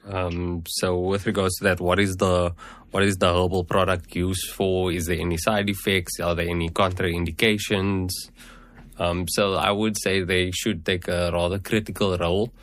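Low-voiced man explaining herbal medicine. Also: level tone, a bit bright, no room sound. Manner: measured, explanatory, many "at the end of the day". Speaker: herbal medicine practitioner guest. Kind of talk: interview answers.

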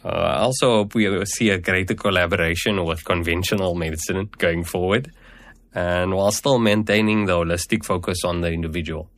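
Deep-voiced guy in an interview, calm explaining, lots of um and so. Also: no echo. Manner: measured, explanatory, many "at the end of the day". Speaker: herbal medicine practitioner guest. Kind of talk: interview answers.

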